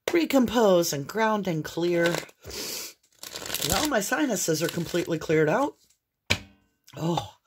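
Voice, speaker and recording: A woman offers viewers an intuitive tarot reading, earnest and exclamatory, breaking into fits of coughing. Her voice sits low, and there's slight background noise.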